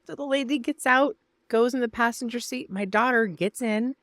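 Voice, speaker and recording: Speaking at a normal pace in a higher, slightly bright voice, an older Northern California vlogger shares a personal story directly with her viewers. She's chatty and emotional, with "you guys" and "y'all" sprinkled throughout, and the studio-quality audio carries no room sound.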